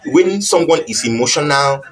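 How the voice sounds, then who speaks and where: A man's voice: a little high, lively intonation, normal speed, poor audio. A man giving an earnest, repetitive talk on marriage. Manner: earnest, repetitive, acts out little quoted exchanges. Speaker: relationship teacher.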